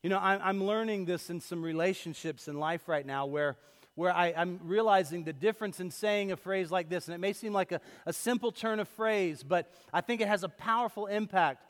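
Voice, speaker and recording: Male pastor, sermon delivery, higher voice, lively and then hushed, big reverberant sanctuary. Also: fairly quick. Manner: lively storytelling, swings from loud to hushed. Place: church sanctuary. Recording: long hall reverb.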